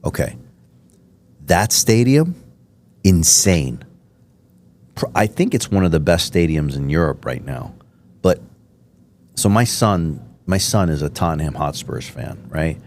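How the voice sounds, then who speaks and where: A man's voice: low-pitched, big pitch swings, a little slow, long pauses, a little mellow, a little hiss or hum. A man from Miami hosting a podcast interview, telling rambling, enthusiastic stories with many fillers. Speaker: podcast host. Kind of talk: casual interview chat.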